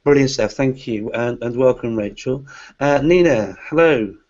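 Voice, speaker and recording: A man's voice: medium pitch, unhurried, a little mellow. A man hosting a live online webinar for teachers, introducing guests with many hesitant "uh" fillers. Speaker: host. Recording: lo-fi online call audio.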